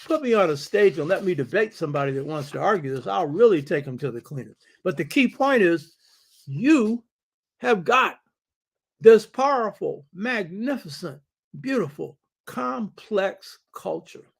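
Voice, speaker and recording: A man's voice: high voice, very animated, moderate pace, slightly rough. A man hosting and lecturing on history and culture, emphatic and preacherly, stressing his points by repeating them and throwing rhetorical questions at the listener. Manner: repeats key phrases for stress. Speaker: host and lecturer.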